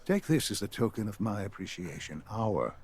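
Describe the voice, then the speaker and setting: Father, a calm old leader. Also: fairly low pitch, slightly rough. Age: older. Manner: calm, measured, formal. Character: elderly male scientist leader, calm and measured. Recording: game audio with music behind. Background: game music.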